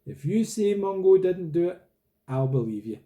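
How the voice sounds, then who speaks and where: Husky, blunt teen girl who chews gum, pitched up high, as a male narrator puts her on; storybook reading. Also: expressive, moderate pace, mellow. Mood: offhand. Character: tough-talking teenage girl in heavy makeup.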